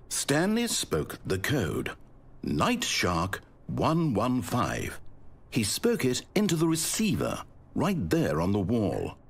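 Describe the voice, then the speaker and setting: A British actor playing a wry, put-upon male narrator in a video game, speaking in a measured, dry, sardonic way. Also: medium pitch, wildly swooping pitch, slight background noise, exaggerated voice. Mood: storytelling.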